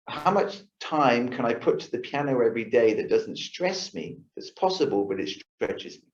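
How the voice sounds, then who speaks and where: A man's voice: medium pitch, darkish tone. Man, yoga teacher, casual lecture, chatty, echoey room, dull lo-fi sound. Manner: chatty, acts out his own thoughts, asks the audience "right?". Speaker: yoga teacher giving a lifestyle talk. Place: yoga studio.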